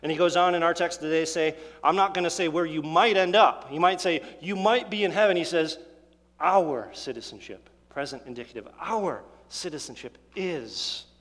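A man preaching a sermon as pastor, earnest and emphatic, leaning into key words and pausing between phrases. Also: fairly high pitch. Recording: long hall reverb.

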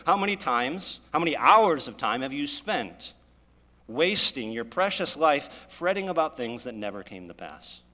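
A man's voice: mid-range voice, bright, forceful tone. A man preaching a sermon, retelling scripture with dramatic storytelling and rising emphasis. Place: church. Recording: long hall reverb.

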